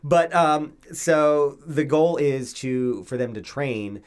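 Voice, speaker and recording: A man from the United States co-hosting a casual podcast, recapping a manga with lots of laughing and loud acted-out quotes. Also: takes it slowly, smooth. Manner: animated, laughs often, acts out quotes in loud high voices. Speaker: podcast co-host.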